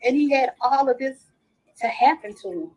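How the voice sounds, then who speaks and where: A woman's voice: high-pitched, normal speed, a little mellow, husky, low-quality recording. A middle-aged woman, a grieving mother, earnestly recounting details at length in a recorded interview.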